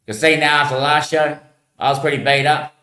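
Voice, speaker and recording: A man's voice: on the high side, steady tone, a little fast, bright, forceful tone. A man rambling in a meandering, musing monologue full of slang. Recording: echoey room.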